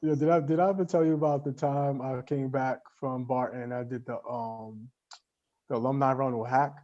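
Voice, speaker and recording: Animated male storyteller, lo-fi audio. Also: medium pitch, moderate pace. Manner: animated storyteller, peppers speech with "yo". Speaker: podcast co-host. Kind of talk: casual chat between friends. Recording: lo-fi, dull podcast audio.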